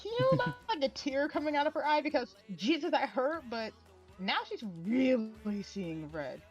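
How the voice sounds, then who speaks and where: A woman playing in a tabletop game, reacting quickly and declaring her character's moves with quips. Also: high-pitched, muffled recording, soft background music. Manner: lively, reactive, quick to quip. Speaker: player.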